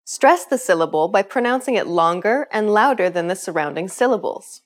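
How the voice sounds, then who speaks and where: A woman narrating a scripted language lesson, explaining clearly and upbeat, asking the learner questions. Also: medium pitch, expressive, normal speed. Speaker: language teacher.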